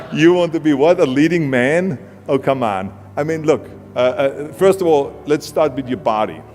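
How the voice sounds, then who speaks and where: A man with an Austrian accent putting on a sneering male talent agent who mocks with loud disbelief. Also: a little high, expressive, unhurried, a little hiss or hum. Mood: mocking. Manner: scoffing, loud, exaggerated disbelief. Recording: hall reverb with music underneath.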